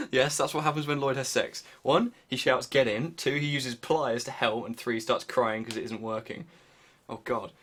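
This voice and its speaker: A young man on a live stream with a medium-pitched voice, cracking crude jokes at his own expense. He mutters to himself and talks to his chat in a loose, casual way while his hands are busy. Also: little pitch movement, moderate pace, few pauses, fairly bright tone. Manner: crude joking, self-deprecating, muttering while working.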